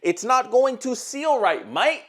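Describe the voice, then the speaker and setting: A man's voice: very high-pitched, lively intonation, unhurried, fairly bright tone, voice pushed up, heavily acted. A man voicing a mock Australian bloke who scolds a mechanic with swearing and exasperation, in a put-on Australian accent. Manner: profane, mocking, exasperated.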